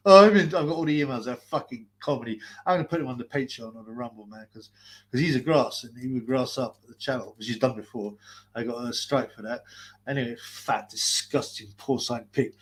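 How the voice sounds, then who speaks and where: A man with a medium-pitched voice talks fairly fast while ranting on a live stream, hurling profane abuse, laughing, mocking, and mimicking callers. His nose is stuffed, so you can hear him breathing.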